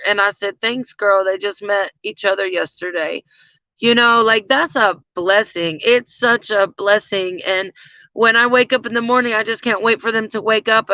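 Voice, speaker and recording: A woman's voice: medium pitch, pushed and bright, clear, resonant tone, dry recording. Chatty lady vlogger, dry close mic, kinda dull lo-fi sound. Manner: chatty, gushing, lots of fillers. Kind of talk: casual chat to viewers.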